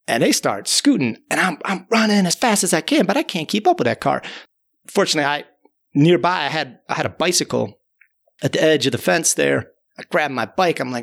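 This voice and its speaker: Creaky-voiced man spinning a rambling yarn. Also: a little high, a bit bright. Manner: rambling, repeats words and fills with "you know". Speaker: storyteller. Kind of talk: casual spoken tall tale.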